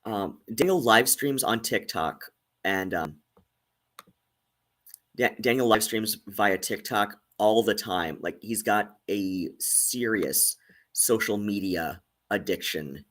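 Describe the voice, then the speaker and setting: A man's voice: fairly low pitch, takes it slowly, fairly bright tone. A man hosting and giving casual commentary, hesitant with many fillers and restarts. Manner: hesitant, many ums and likes. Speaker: host.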